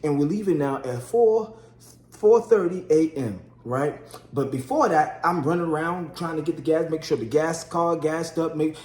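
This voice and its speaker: In a casual storytelling vlog, a husband animatedly recounts his wife's labor, chatting to viewers as "y'all" and acting out quotes. His voice is a little high, his speed normal, and the room echoes.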